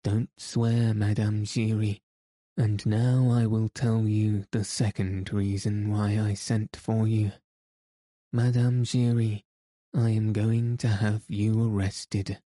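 A man voicing a blunt, stern male opera manager who speaks roughly and accuses. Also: on the low side, flat delivery, slow pace, mellow, dry recording, clean studio sound.

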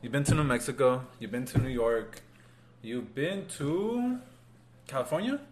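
A young man co-hosting a casual podcast chat, teasing and quick to laugh. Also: medium pitch, expressive, background noise. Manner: giggly, teasing. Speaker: podcast co-host. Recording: echoey room.

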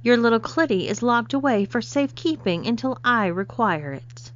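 A woman's voice: on the high side, lively intonation, moderate pace, pitched above the performer's own voice, close to an everyday voice. Woman voicing a stern, imperious lady of the house. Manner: imperious, cool. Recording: slightly dull lo-fi recording.

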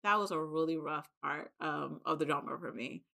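A woman hosting a podcast, retelling a drama in an animated, emotional way. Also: deep voice, moderate pace, vocal fry. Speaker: podcast host. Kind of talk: casual chat.

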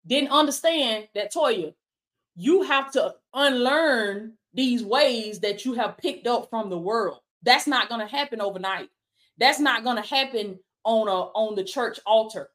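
A woman's voice: a little high, animated, unhurried, fairly bright tone. A woman preaching fervently in a Black church style, peppering her lines with "baby" and "come on now" in a call-and-response rhythm. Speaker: life coach and preacher. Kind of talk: preaching on a livestream.

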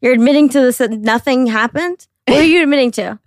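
A woman's voice: high voice, fast, no room sound, clean studio sound. A young adult woman co-hosting a casual chat podcast, mocking and profane, laughing often. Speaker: podcast co-host.

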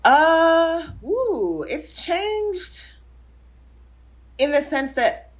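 A woman guest in her forties talking through her career in a relaxed, reflective way, with frequent fillers and laughs. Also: very high voice, extremely slow. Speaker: guest, show creator. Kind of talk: casual interview conversation.

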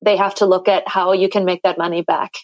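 A woman actress and director, talking at length in an animated, chatty way as a podcast guest. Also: fairly low pitch, fairly quick, no echo, poor audio. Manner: animated, talkative, many fillers and restarts. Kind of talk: casual interview chat.

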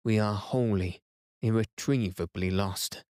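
A man's voice: on the low side, a little slow, a little mellow, dry recording, studio quality, natural voice. Man reading as a frightened young explorer. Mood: alarmed.

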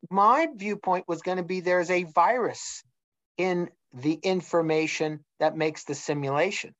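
A man's voice: high voice, measured pace, fairly bright tone, no room sound. A middle-aged man in a casual discussion, telling a story and acting out the dialogue he quotes. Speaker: guest. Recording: dull lo-fi sound.

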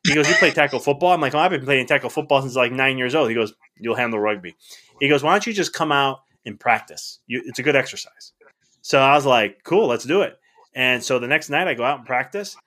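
A middle-aged man as a podcast guest, telling stories in a casual, animated way, acting out the dialogue with frequent restarts. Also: medium pitch, fairly quick. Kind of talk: casual storytelling.

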